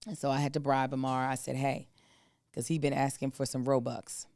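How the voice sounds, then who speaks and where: A woman in her thirties tells a family story on a podcast in casual chat, slipping into other people's voices as she goes. Her voice sits low and comes through smooth and clean. The sound is close and dry. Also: level tone, brisk, darkish tone, no room sound. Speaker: podcast co-host.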